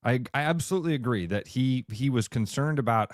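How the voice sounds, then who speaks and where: A man's voice: medium pitch, expressive, fairly quick, hardly any pauses, no echo, clean studio sound. Emphatic, blunt radio co-host man. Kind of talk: heated sports talk. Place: radio studio.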